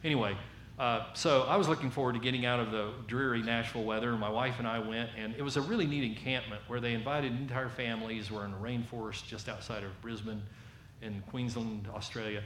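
A man with a Southern American accent delivers a storytelling sermon, acting out the voices in his tale with animated shifts. His voice sits at a middling pitch. The room echoes, with a faint hiss behind him. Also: brisk, hardly any pauses.

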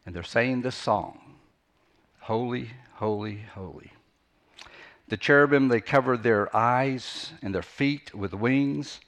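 A man's voice: medium pitch, a little slow, hardly any pauses, a bit bright. Earnest man preaching a sermon. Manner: earnest, repeats phrases for emphasis, restarts often. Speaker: pastor. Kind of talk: unscripted sermon teaching.

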